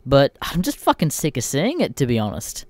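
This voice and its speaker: An Australian podcast host tells stories in a casual, ranting style, blunt and irreverent and swearing constantly. His voice is mid-range with huge swings in pitch, at normal speed, with no echo.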